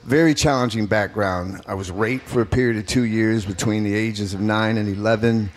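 A man's voice: lowish voice, fairly even intonation, normal speed. Earnest man telling his story. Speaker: political candidate guest. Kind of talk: radio interview answers.

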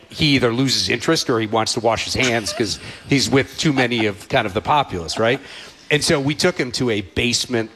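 A man's voice: lowish voice, a bit bright. Chatty man with lots of "right?" asides. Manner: chatty, frequent "right?" and "you know" tags. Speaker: podcast guest, former staffer. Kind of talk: casual anecdotal chat.

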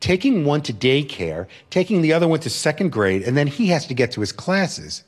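A man's voice: fairly high pitch, big pitch swings, brisk. A man voicing a working mother who speaks through tears, earnest and firm. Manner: earnest, tearful.

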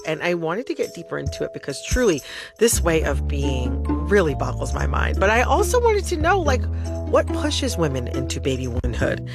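A woman hosting a podcast, talking in an animated, casual way with lots of "like" fillers. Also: low voice, normal speed, creaky, over music. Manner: animated, chatty, with frequent "like" fillers. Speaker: podcast host. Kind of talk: casual conversational podcast chat.

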